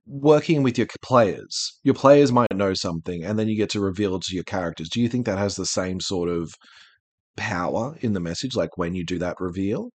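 A man hosting a podcast in casual chat, talking in an animated, rambling way with frequent restarts. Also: deep voice, fairly quick, no echo. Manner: rambling, animated, self-interrupting. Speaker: podcast host.

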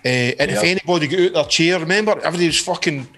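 Male singer, chatty storyteller, slightly high voice, light music bed. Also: very fast. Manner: animated, swears a lot, acts out quotes. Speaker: band singer. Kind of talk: casual storytelling chat.

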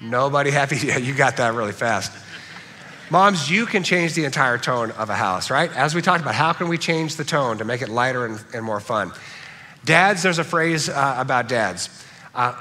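A man's voice: mid-range voice, expressive, normal speed, pushed and bright, big-room sound. A man preaching a sermon, earnest and repeating key phrases for emphasis, with a lingering dry cough. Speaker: pastor.

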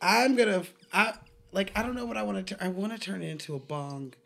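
A woman's voice: mid-range voice, expressive, fast, gravelly, fairly bright tone. A woman co-hosting a podcast in casual chat over drinks, brash and joking, swearing freely. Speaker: podcast co-host.

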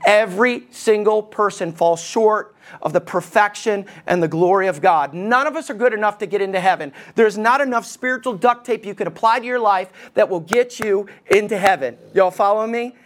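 A man preaching a sermon as lead pastor, animated, often asking the congregation questions. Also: high voice, moderate pace, hardly any pauses.

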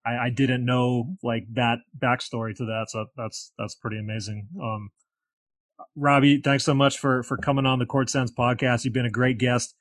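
A man's voice: mid-range voice, flat delivery, moderate pace, no room sound, studio quality. A man from Hawaii hosting a casual podcast, friendly and modest, often repeating words as he starts a sentence. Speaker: podcast host.

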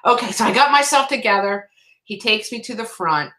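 A woman guest author sharing an emotional faith testimony in a halting, restarting way. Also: a little high, expressive, sharp tone, poor audio.

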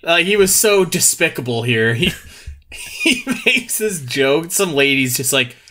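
A man co-hosting a podcast in casual chat, animated, swearing freely and laughing often. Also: a little high, a little slow. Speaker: podcast co-host.

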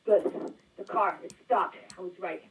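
A man's voice: high voice, measured pace, far from the mic, background noise. A man playing a frightened young friend who is running at night, talking urgently over the phone and out of breath. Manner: breathless, urgent, whispering at times.

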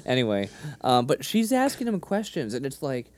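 This thirties-aged podcast co-host speaks at medium pitch and a moderate pace. He chats casually while going back over scenes, acting out what the characters said with plenty of animation.

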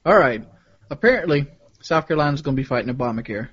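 A man chatting on a casual podcast in a matter-of-fact, slightly halting way. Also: mid-range voice, expressive, slightly rough. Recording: dull lo-fi recording.

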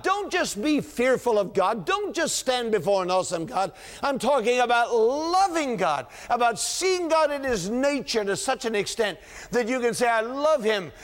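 A man preaching a sermon, asking rhetorical questions and voicing biblical dialogue, with a chuckle now and then. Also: extremely high pitch. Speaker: pastor.

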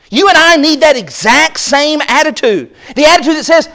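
A man preaching a sermon at a church service, impassioned, building to loud exclaims and acting out the voices he quotes. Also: very high-pitched, expressive, brisk, few pauses.

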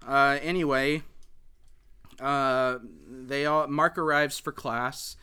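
A man talks through a movie's plot in a loose, chatty recap, stumbling over fillers and restarting his sentences. His voice is bright and forceful, with a smooth, crisp, clear tone. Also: mid-range voice, fairly even intonation, slow. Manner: rambling, hesitant, many filler words and restarts. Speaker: podcast host recapping a film. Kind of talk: casual film recap chat.

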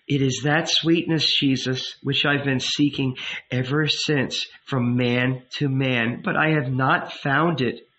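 A man's voice: mid-range voice, steady tone, slow pace, pushed and bright, lo-fi sound. A man doing a scornful seductive woman. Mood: longing. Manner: taunting, scornful. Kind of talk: audiobook reading.

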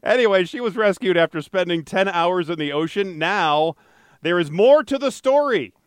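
Smooth-voiced, jokey male podcast host. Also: high-pitched, animated, normal speed, dry recording. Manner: rambling, self-correcting, jokey. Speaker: podcast co-host and traffic anchor. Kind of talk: casual podcast banter.

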